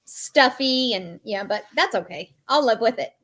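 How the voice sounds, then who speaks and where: Woman, high voice, chatty, casual podcast talk. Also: lively intonation, unhurried, fairly bright tone. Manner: chatty, trails off with fillers. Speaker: podcast co-host. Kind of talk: casual chat.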